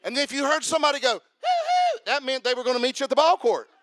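A man preaching a sermon, joking with the congregation and building to shouted emphasis. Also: extremely high pitch, racing, noisy background. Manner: humorous, calls out to the congregation.

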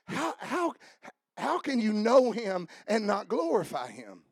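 A man preaching a sermon, swinging from shouted fiery passages to quiet asides. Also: high-pitched, wildly swooping pitch, takes it slowly, breathy edge, no room sound, clean studio sound. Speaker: pastor.

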